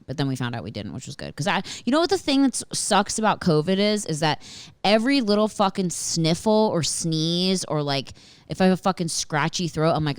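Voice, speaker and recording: A woman hosting a podcast, telling a story in a casual, animated way and swearing often. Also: on the low side, a little fast, clean tone, no echo. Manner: animated and profane, with frequent swearing and filler words. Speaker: podcast host.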